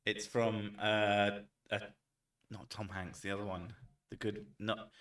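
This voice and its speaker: A low, bright-toned man trades jokes in loose, sweary stream chat. His voice is set back from the mic, so it rings around an echoey room. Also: little pitch movement, measured pace, recorded from a distance. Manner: joking, playful, swears, loud outbursts. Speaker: streamer host. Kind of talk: casual chat. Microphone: desk mic set back from him.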